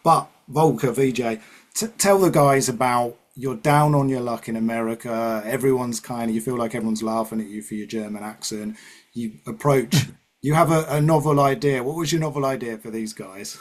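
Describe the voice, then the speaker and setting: A man's voice: mid-range voice, normal speed. A man hosting a live show, chatting casually and prompting his guest to tell stories. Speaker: host. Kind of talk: casual chat.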